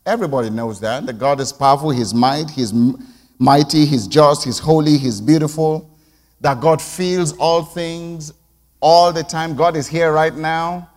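Preacher man, slightly high voice. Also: steady tone, unhurried, long reverb tail. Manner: builds from quiet reflection to loud emphatic call-and-response. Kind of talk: sermon. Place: church sanctuary.

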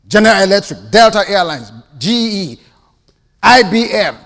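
Impassioned Nigerian preacher, high and lively. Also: male voice, moderate pace, vocal fry. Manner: impassioned, swinging from hushed asides to ringing declarations. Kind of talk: sermon. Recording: long hall reverb.

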